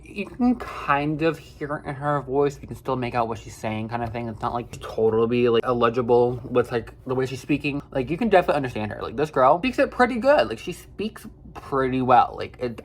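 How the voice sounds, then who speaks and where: A man's voice: medium pitch, animated, a little fast, fairly bright tone. Young male vlogger, rambling casual storytime, filler-heavy and profane.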